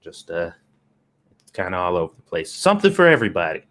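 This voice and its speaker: A man co-hosting a casual podcast, chatting and telling a quick anecdote. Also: deep voice, huge pitch swings, fairly bright tone. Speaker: podcast co-host. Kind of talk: casual chat.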